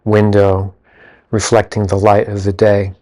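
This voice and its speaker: A man's voice: fairly low pitch, monotone, a little slow, dark tone. A man co-hosting a paranormal investigation video, narrating in a casual, matter-of-fact way.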